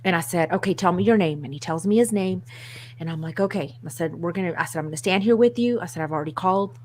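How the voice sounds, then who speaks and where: Woman, co-host, casual storytelling, animated, self-mocking, laughs a lot, faint background hiss. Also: fairly low pitch, quick pace.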